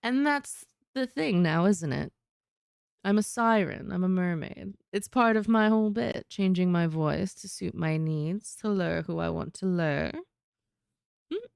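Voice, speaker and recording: A woman's voice: fairly low pitch, gravelly, darkish tone, clear, resonant tone, no echo, clean studio sound. A woman putting on a sultry siren mermaid. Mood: sultry, teasing. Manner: slow, teasing, sultry delivery. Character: seductive female siren mermaid, luring. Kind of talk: in-character voice demo.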